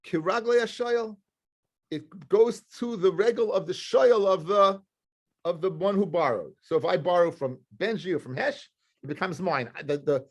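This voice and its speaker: A man, a rabbi, teaching a live Talmud class to students, explaining emphatically, repeating himself and quizzing the room. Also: high voice.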